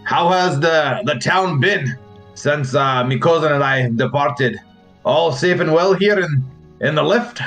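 A friendly, modest adventurer speaks politely, with a slight hesitation, played by a man. His voice sits a little high. Light music plays underneath. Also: a little slow, a bit bright.

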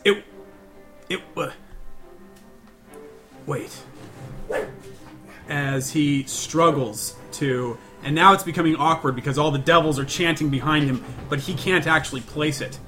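A man's voice: medium pitch, sharp tone. A man playing a tabletop game, narrating his character's actions with many stammers and restarts. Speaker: player.

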